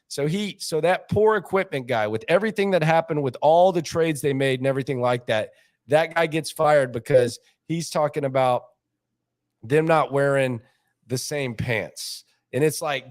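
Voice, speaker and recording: Animated man telling a story. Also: on the high side, brisk. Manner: animated, mimics people he quotes, repeats words for laughs. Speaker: sports show host. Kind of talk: casual storytelling.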